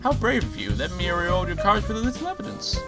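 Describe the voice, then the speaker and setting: A man's voice: sits high, huge pitch swings, fast talker, pitched above the performer's own voice, heavily acted. A man voicing a flamboyant, self-styled male bird hero-detective, theatrical and grandiose, over game music. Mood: showy.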